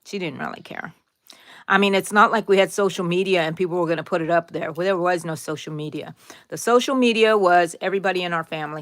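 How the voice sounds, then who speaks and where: A woman's voice: on the low side, fast, no room sound. A middle-aged woman hosting a casual live crochet tutorial, chatting, drifting into side stories, and answering viewers by name.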